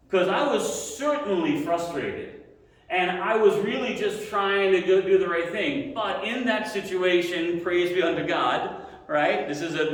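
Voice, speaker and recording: A man in his forties teaching a Sunday school class, telling a story in a chatty, animated way and acting out the quotes. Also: a little high. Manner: conversational and animated, acting out quotes with sound effects. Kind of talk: sermon-style story to a class. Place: church hall. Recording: echoey hall from far off.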